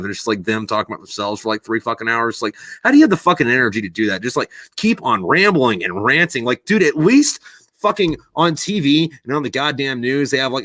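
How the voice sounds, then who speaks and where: A man hosts a livestream on his own, rambling loosely and swearing almost every other word, sometimes working himself up into a loud rant. His voice has a bright, sharp edge, and the sound is dry and close with no room behind it. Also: mid-range voice, dry recording. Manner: rambling, heavily profane, swears constantly; gets loud and ranting when worked up. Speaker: podcast host. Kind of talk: casual livestream chat.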